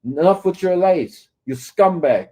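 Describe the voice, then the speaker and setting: A man's voice: high-pitched, lively intonation, measured pace, warm tone, slightly rough. A man ranting at his critics, scolding and taunting them and often asking "right?". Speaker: commentator. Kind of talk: confrontational rant to camera.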